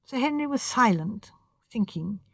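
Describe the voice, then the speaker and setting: A woman reading a classic mystery novel aloud with steady, measured narration. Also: a little high, vocal fry, slightly rough, no room sound, clean studio sound. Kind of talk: audiobook narration.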